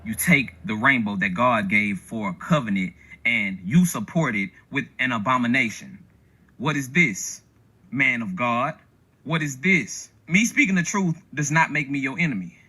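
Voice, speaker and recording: A man with a bright, tense voice and a raspy edge. He lectures in a preachy, scripture-quoting tone, confronting someone directly. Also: mid-range voice, lively intonation, moderate pace. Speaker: online commentator. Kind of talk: preachy reproof.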